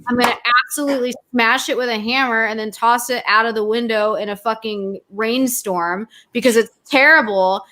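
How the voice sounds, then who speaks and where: A woman talking as a podcast guest, telling animated, profane stories in a casual chat. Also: fairly high pitch, normal speed, few pauses, background noise. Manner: animated, profane storytelling with frequent laughs.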